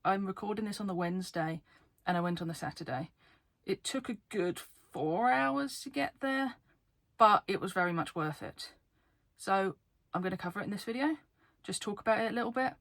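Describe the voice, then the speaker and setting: Excited fast-talking woman vlogger. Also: mid-range voice, no room sound. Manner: fast, excitable, laughing often. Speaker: card game YouTuber. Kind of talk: casual vlog talk to camera. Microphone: camera facing her.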